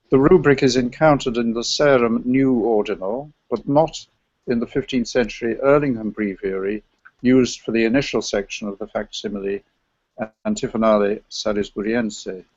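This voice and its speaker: A man presenting an academic paper on medieval chant, speaking in a scholarly, digressive way with a gravelly voice. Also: medium pitch, darkish tone, no echo, lo-fi sound.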